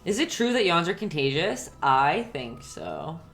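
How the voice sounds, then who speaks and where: A woman's voice: fairly low pitch, sing-song, a little slow, fairly bright tone, faint music behind. A young woman teaching a painting class on a live stream, chatting with viewers by name and laughing often. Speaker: painting instructor. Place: home painting setup.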